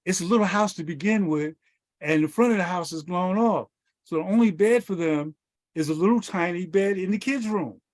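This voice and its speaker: A man's voice: high-pitched, moderate pace, a little mellow. A man on a video call telling a story vividly, acting out the lines he quotes. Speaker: guest sharing memories.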